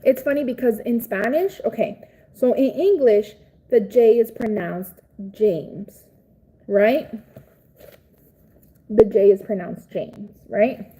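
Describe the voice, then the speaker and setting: A woman's voice: a little high, slow pace, long pauses, warm tone, slight background noise, low-quality recording. A Cuban woman hosting a casual livestream, chatting with viewers in a blunt, profane, outspoken way. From Cuba. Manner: chatty, reads and answers viewer comments. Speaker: livestream host.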